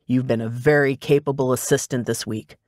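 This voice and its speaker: A man's voice: medium pitch, fairly even intonation, fairly quick, a little mellow, no echo, lightly acted. A man voicing a dry, teasing male private investigator in a cozy mystery audiobook. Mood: wry. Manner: matter-of-fact, teasing. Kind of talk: audiobook dialogue.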